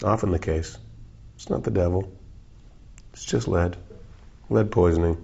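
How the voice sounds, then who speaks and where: A deep, husky-voiced man in his forties, from South Africa, answering interview questions in a loose, rambling, playful way and swearing freely. The recording sounds dull and lo-fi. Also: measured pace, warm tone. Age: 40s. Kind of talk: casual interview chat.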